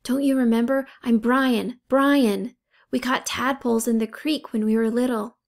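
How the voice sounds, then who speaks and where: A woman's voice: a little high, steady tone, moderate pace, creaky. A woman reading a scared hockey boy. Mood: pleading.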